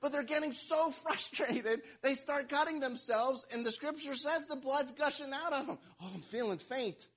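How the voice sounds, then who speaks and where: A man's voice: very high-pitched, fairly even intonation, moderate pace, hardly any pauses, a bit bright. A man preaching a sermon, retelling a scripture story in a playful, joking way with asides to the listeners. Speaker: pastor. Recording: dull, lo-fi sound.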